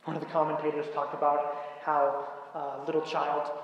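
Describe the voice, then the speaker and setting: A man preaching a sermon in a church, measured and emphatic, pausing on key words. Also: on the high side, monotone, muffled recording. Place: church sanctuary. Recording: very echoey church hall with faint hiss.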